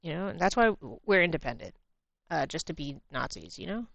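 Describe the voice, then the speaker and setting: Low-voiced American woman streaming casually. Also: very animated, a little fast, vocal fry, no room sound. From United States. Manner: laughs often, blunt and swearing; drifts to quiet murmurs while working. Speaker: livestreamer. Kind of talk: casual chat while drawing. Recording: muffled lo-fi stream audio.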